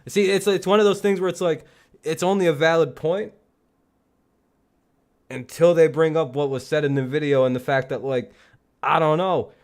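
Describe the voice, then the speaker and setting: A man's voice: on the high side, fairly even intonation, normal speed, pauses often, darkish tone. A man hosting a casual live football talk stream, rambling and joking with plenty of swearing. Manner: rambling, profane, laughing jokily. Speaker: streamer and host.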